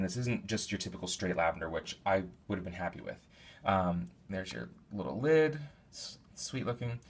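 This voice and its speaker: A man giving a casual, rambling product review, thinking aloud with many fillers and restarts. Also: on the low side. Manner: detailed, thinks aloud while describing scents. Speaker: candle reviewer.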